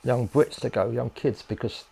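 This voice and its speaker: A man's voice: mid-range voice, fairly even intonation, normal speed, vocal fry, mellow, breathy edge. An older man from England, a guest in a casual interview, who rambles and hesitates with many fillers and restarts.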